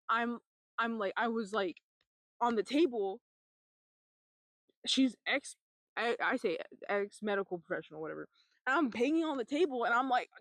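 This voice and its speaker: A young adult woman vlogging a personal testimony, telling her story in a halting, rambling way with lots of fillers and swearing. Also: a little high, fairly bright tone, dry recording.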